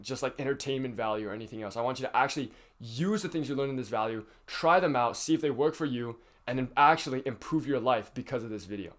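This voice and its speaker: A teenage boy talks to his viewers in a loose, rambling advice vlog. He leans on fillers and restarts and swears casually as he goes. His voice sits at an ordinary middle pitch for a young man. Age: teens. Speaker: youtuber.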